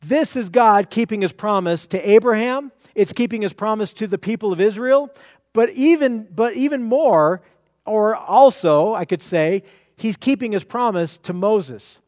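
A man's voice: high voice, animated, measured pace, a little mellow, dry recording, clean studio sound. A man preaching an expository sermon, emphatic, often repeating and restarting his phrases.

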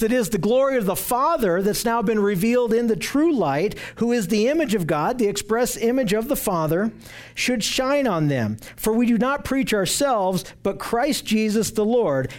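Earnest male Bible teacher with a high voice, slow deliberate scripture reading. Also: a little mellow. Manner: earnest, emphatic, repeats phrases for stress.

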